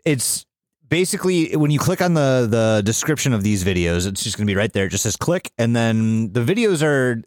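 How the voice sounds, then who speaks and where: A man's voice: mid-range voice, dry recording. A man co-hosting a podcast in casual chat, jumping in with side notes and some swearing. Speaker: podcast co-host.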